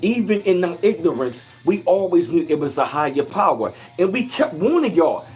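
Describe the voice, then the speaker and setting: High-voiced guy going off on a livestream, preachy and fired up, faint music behind. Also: big pitch swings, unhurried, slightly rough. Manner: fiery, preachy, repetitive, profane. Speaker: livestream host.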